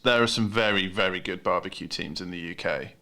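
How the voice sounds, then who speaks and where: Chatting casually in an interview, a British man hosting a podcast talks fairly quickly in a low-pitched, bright and forceful voice. He laughs readily and tends to restart what he's saying.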